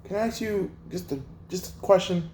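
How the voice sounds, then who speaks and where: A man's voice: high-pitched, moderate pace, darkish tone, reverberant, a little hiss or hum. A man hosting a sports livestream, ranting in an exasperated, profane way with lots of rhetorical questions. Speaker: sports channel host.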